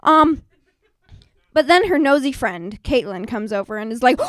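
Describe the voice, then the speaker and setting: A teenage girl performing a self-mocking stand-up comedy set at an open mic, bursting into loud acted quotes. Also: on the high side, expressive, moderate pace, pauses often, no room sound, studio quality. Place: small live performance venue.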